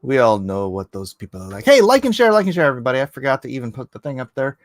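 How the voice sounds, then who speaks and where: Very animated and rapid-fire, a middle-aged man hosts a casual livestream from home, joking and rambling as he tinkers with his camera. He cuts into his own sentences, and his mid-range voice is recorded dry.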